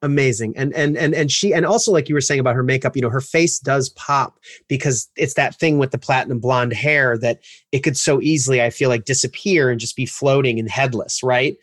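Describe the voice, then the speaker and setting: An interviewer praising a film with eager, halting enthusiasm before asking questions. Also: medium pitch, no echo, studio quality. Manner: enthusiastic, many fillers and restarts. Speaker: interviewer, podcast host.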